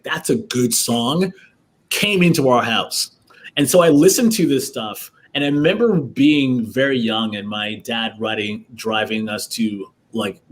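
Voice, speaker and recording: A man talking as an actor guest in a casual interview, telling rambling stories and laughing often, over a video call. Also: mid-range voice. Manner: rambling, chatty storytelling with frequent laughs.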